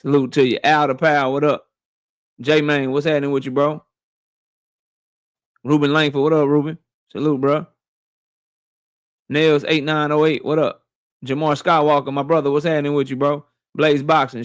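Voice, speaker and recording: Man, livestream host, casual slang, greeting viewers, slightly high voice, dry close mic. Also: little pitch movement, moderate pace, long pauses, no room sound. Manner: shouting out viewers by name, slangy and loose.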